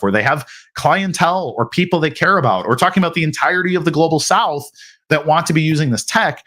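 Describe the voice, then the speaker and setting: A man's voice: medium pitch, fairly bright tone. An American man hosting a live question-and-answer stream, talking casually with frequent restarts and acted-out quotes. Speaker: host answering viewer questions. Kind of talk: live Q&A chat.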